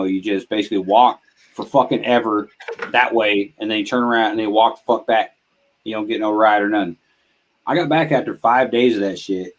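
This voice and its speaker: A man talks casually as a podcast guest, retelling army stories with nonstop swearing and quick laughter. His quoted lines shoot up high. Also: rough recording. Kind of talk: casual storytelling chat.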